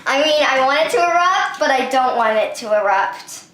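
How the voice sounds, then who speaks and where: Excitable lady doing a slime vlog, squeals a lot, really high and bouncy voice. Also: normal speed, echoey room, slight background noise. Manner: excitable, squeals and shrieks often. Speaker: slime-making vlogger. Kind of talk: excited hands-on vlog narration. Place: home bathroom and table.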